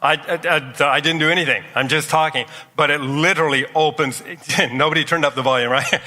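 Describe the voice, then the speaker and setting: During a live talk in a big expo hall, a man energetically guides volunteers through exercises. He has a fairly high-pitched voice with a bright, forceful tone, recorded from a distance with plenty of echo.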